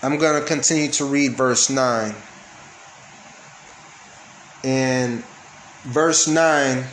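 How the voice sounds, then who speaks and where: A man teaching a casual Bible study, reading verses aloud and explaining them, often checking in with his listeners. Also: mid-range voice. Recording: echoey room with faint background noise.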